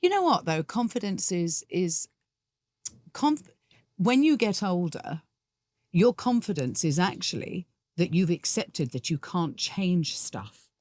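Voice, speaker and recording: Low-voiced woman, chatty and candid. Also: big pitch swings, takes it slowly, a little mellow, no room sound, clean studio sound. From England. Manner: chatty and candid, laughs easily. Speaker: musical theatre actress, guest. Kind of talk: podcast interview.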